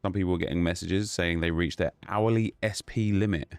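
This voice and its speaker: Deep-voiced man chatting on a live stream. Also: fairly even intonation, a little fast, clean tone, dry recording. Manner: greets viewers by name, chatty and loose. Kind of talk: casual live-stream chat.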